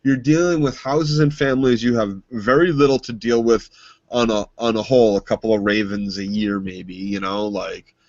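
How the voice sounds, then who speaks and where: A man's voice: lowish voice, steady tone, normal speed, a little mellow, no room sound, muffled recording. A man co-hosting a podcast who gives heated, emphatic opinions full of swearing in casual chat. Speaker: podcast co-host.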